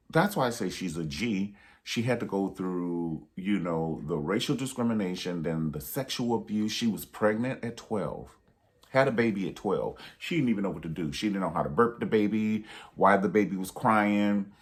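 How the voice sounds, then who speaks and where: A man's voice: deep voice, expressive, normal speed. A man giving a casual movie review monologue, sassy and emphatic, repeating himself for emphasis and dropping pet names.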